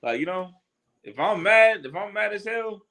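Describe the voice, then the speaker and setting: A man's voice: high voice, animated, moderate pace, sharp tone. Casual, agreeable male co-host. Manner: casual, agreeing, loose phrasing. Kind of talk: casual talk-show chat.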